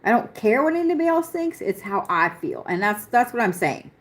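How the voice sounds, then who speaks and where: A young adult woman gives a live-stream astrology chart reading in a fairly high, very animated voice at a brisk pace. She talks bluntly, swearing and laughing often.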